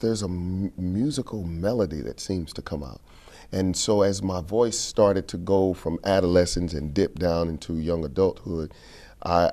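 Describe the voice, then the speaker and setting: A man's voice: sits low, dark tone. A man from St. Louis in an interview, telling stories and repeating phrases for emphasis. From St. Louis, Missouri. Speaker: keynote speaker and King speech performer. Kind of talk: interview conversation.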